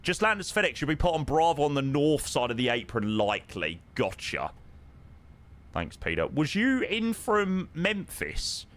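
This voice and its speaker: Lively, chatty man streaming. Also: on the high side, moderate pace. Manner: chatty, answers viewers with lots of ums and "mate". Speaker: live streamer flying a flight simulator. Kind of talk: casual live-stream chat.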